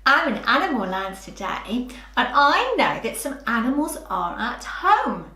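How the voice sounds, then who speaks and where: A woman's voice: on the high side, sing-song, a little slow, pushed and bright. Sing-song woman teaching small children. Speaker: early years teacher. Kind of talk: preschool phonics lesson. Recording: roomy echoey room.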